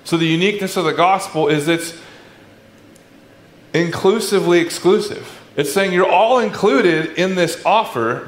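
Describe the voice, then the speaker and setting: A man preaching a sermon as a pastor, in a conversational, animated way with sarcastic asides. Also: on the high side, slight background noise. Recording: echoey room with faint ambience.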